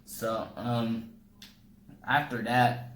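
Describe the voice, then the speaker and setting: Animated young man telling a comic story. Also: drawn-out words. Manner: animated, jumps pitch to act out people in his story. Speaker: comedian. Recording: echoey room with faint ambient noise.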